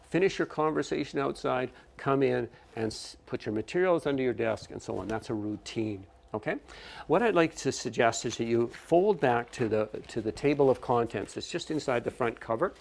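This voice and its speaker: Gravelly-voiced man coaching new teachers. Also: mid-range voice, moderate pace. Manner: explanatory, often checks in with "okay?"; frequent restarts and self-corrections. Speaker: teacher trainer. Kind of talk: workshop lecture to new teachers.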